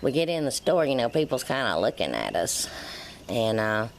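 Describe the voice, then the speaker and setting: A woman's voice: extremely low pitch, moderate pace, slight background noise. A middle-aged woman, vlogging in a casual storytelling way and acting out the dialogue as she tells it. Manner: animated, acts out quoted dialogue.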